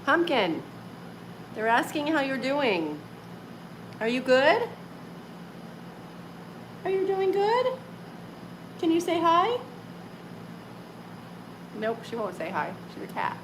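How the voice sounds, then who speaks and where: A woman in her forties hosting a casual livestream from home, chatting with viewers, laughing often and filling with "like" and "um". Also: medium pitch. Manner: chatty, laughs often, uses many fillers. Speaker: livestream host. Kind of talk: casual live-stream chat with viewers. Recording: clear background noise.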